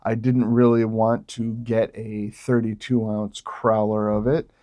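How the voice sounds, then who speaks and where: A man's voice: fairly low pitch, unhurried. A man from New York State doing a casual, jokey vlog as he tastes beers, exclaiming at each sip. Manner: relaxed, jokey, exclaims while tasting. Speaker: beer vlogger.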